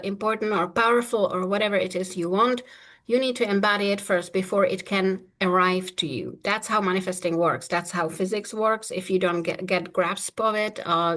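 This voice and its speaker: This manifestation coach sounds assured and playful as she chats informally, laughing often along the way. Her voice is medium-pitched and a bit bright.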